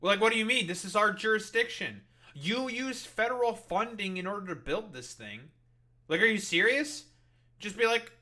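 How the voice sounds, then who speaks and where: A male streamer rants at news clips with a slightly high, bright voice. He curses freely and rambles in heated political commentary thick with fillers. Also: expressive, moderate pace. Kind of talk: angry profane political commentary.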